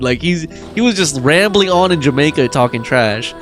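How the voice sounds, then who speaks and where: Young guy streaming, chatting w/ chat, bouncy lively voice, a bit high, faint music behind. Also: moderate pace. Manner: chatty, reads chat aloud and jokes around. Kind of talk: casual live-stream chat while gaming.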